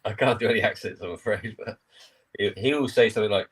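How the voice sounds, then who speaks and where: Quick-talking low-voiced man talking football. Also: fairly bright tone, slightly rough, low-quality recording. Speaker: regular guest, West Ham fan. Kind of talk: casual football chat.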